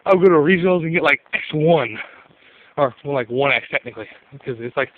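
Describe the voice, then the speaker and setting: Young man, higher voice, profane exasperated storyteller, dull lo-fi home recording. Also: lively intonation, quick pace. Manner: profane, exasperated, laughing asides. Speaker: YouTuber telling a story. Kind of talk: casual ranting story.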